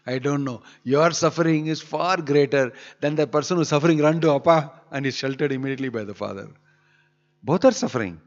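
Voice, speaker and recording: A man's voice: mid-range voice, normal speed. A man giving an emphatic scripture sermon in a temple hall, pressing his points with rhetorical questions. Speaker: preacher. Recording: dull lo-fi hall recording with long reverb.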